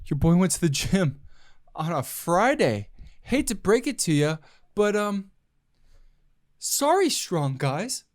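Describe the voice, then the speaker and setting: A man doing an impression of a cocky male comedian, in a high, drawn-out and mocking voice. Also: sing-song, heavily acted. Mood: smug. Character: cocky swaggering male comedian, gym boaster. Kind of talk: celebrity impression.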